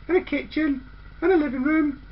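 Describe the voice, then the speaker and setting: A woman tells a children's story in a playful way and briskly hushes a man who interrupts. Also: high-pitched. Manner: bossy narrator who acts out the girls' lines. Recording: dull lo-fi recording.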